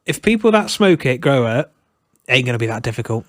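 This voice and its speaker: A man's voice: medium pitch, big pitch swings, quick pace, no echo. A man co-hosting a casual podcast, blunt and sweary, chuckling at his own jokes. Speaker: podcast co-host.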